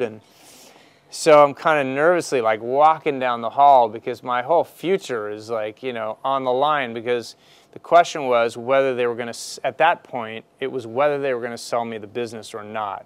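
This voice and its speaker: A man with a smooth, resonant voice tells a personal business story to students. His pitch sits in the middle range, and his delivery is loose and conversational, full of restarts and "you know.". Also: no room sound. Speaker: entrepreneur speaking to students.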